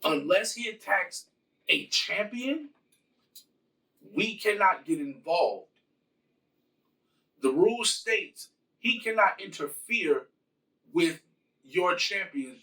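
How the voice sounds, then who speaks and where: A man's voice: sits high, lively intonation, slow, pauses often, sharp tone, far from the mic, full character voice, low-quality recording. A man doing stiff, aloof elder gods. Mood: formal. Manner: stiff, formal, repetitive. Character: stern elder gods, male, aloof and rule-bound.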